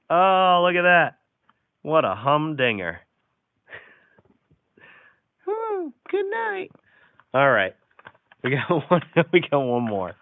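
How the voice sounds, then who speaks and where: A man's voice: mid-range voice, no room sound. Chuckling man on a tinny line. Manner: chuckling, reads out jokes and viewer comments. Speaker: livestream host. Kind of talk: casual live-stream chat reading jokes. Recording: tinny, phone-like sound.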